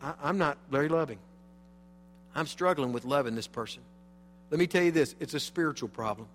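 Pastor guy preaching, fairly high voice, big swings loud to quiet, echoey church. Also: fairly quick, a little hiss or hum. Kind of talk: sermon. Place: church sanctuary.

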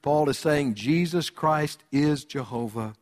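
A pastor preaching a sermon, repeating key phrases and swinging between loud high passages and low, quiet ones. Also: male voice, slow. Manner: preaching with sweeping rises and drops in pitch and volume.

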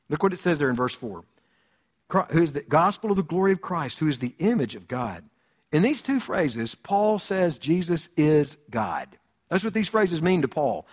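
A pastor preaching a sermon, repeating key phrases and swinging between loud high passages and low, quiet ones. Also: male voice. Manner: preaching with sweeping rises and drops in pitch and volume.

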